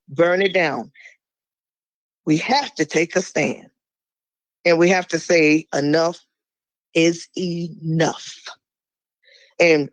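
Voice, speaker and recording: A woman speaking as a guest in a podcast conversation, blunt and fiery. She swears freely and drops suddenly into a low, slow voice for emphasis. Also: no room sound, poor audio.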